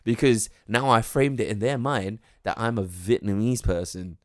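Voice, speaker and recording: A young man talks in slangy, laid-back podcast chat. He swears freely and laughs easily. His voice sits fairly low and sounds dry and close. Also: normal speed, no echo. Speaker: podcast co-host. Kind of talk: casual chat.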